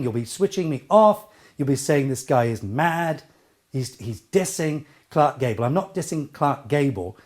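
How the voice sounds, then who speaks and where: A man's voice: on the high side, a little mellow. A middle-aged man teaching a speech lesson, with an emphatic, theatrical delivery and playful asides. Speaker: speech and voice coach. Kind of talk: spoken lesson to camera.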